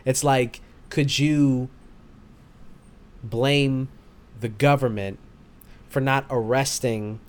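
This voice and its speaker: Podcast host, young man, average pitch, rambling casual delivery. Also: steady tone, extremely slow, long pauses. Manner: rambling, hesitant restarts, laughs often.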